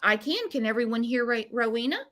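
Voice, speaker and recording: Brief: woman livestream host, high voice, outspoken and blunt, talks back to her comments section. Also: lively intonation, brisk, a bit bright. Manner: blunt, opinionated, reads out comments. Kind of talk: livestream chat with callers.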